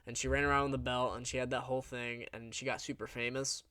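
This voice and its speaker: A man's voice: mid-range voice, level tone, a little fast, hardly any pauses, sharp tone, dry recording. Young male recap host, casual and blunt, mid-range voice, dry close sound. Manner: rambling, blunt, with crude jokes. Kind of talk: casual commentary.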